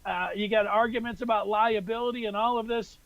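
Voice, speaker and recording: A man's voice: sits high, steady tone, fairly quick, no echo, muffled recording. A man co-hosting a sports podcast, telling a rambling, exasperated story in casual talk. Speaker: podcast co-host.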